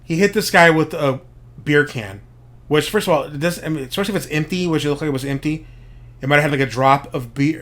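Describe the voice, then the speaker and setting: A man's voice: on the high side, fairly bright tone. Profane, speculative male commentator. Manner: profane, speculative, explains wrestling slang. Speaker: podcast host. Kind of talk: casual commentary monologue.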